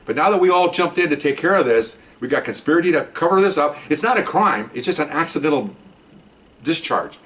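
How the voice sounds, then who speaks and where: An older man, a retired police officer, telling a story in a casual, animated way and acting out the people he quotes. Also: a little high, a little fast. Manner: animated, acts out quoted voices.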